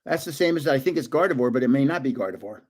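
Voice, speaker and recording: Excitable older man opening cards. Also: medium pitch, racing. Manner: excitable, chatty, guessing aloud with frequent laughs. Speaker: card-opening vlogger. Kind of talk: casual live card opening.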